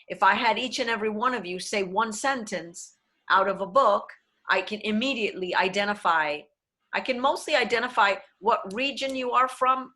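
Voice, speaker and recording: Bright-voiced woman coaching diction. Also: mid-range voice. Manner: explanatory, switches into Spanish phrases. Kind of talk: online workshop talk.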